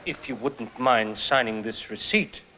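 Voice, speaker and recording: An actor playing a smooth, scheming art dealer in a stage farce, genteel and measured. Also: male voice, mid-range voice, sharp tone, poor audio. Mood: businesslike. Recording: hissy worn VHS stage recording.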